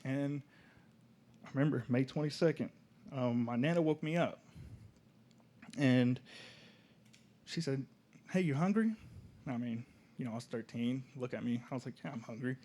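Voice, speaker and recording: With a steady, medium-pitched voice, a young adult student from Oklahoma shares the story of his life as personal testimony. His delivery is casual and halting, sometimes dropping to a soft-spoken tone.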